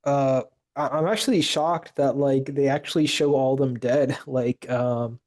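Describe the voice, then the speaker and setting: A man's voice: mid-range voice, steady tone, a little slow, darkish tone. A man co-hosting a casual podcast, talking in a hesitant way with many fillers and restarts. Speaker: podcast co-host. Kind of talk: casual chat.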